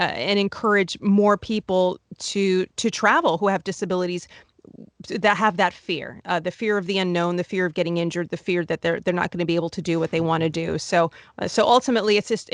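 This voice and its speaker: A woman's voice: mid-range voice, fairly bright tone, dry recording. Articulate woman guest, dry close sound. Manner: articulate, many restarts and repeated words. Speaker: guest, wheelchair travel blogger. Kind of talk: conversational interview.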